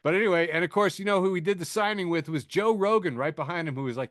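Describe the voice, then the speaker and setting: A man's voice: high voice, fast talker, a bit bright, no echo, studio quality. A man hosting a podcast, riffing sardonically through news, laughing at his own jokes, with lots of fillers and restarts. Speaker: podcast host. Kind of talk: casual news chat.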